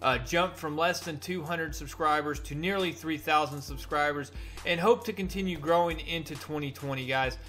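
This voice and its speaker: Male comic reviewer, casual and animated, a little high-pitched, soft music behind. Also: moderate pace. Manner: animated retelling with frequent restarts.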